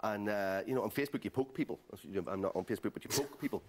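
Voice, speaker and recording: Fast-talking man, comic panel banter. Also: lowish voice. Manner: rambling, joking, acts out bits. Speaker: comedy panelist. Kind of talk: stand-up style panel banter.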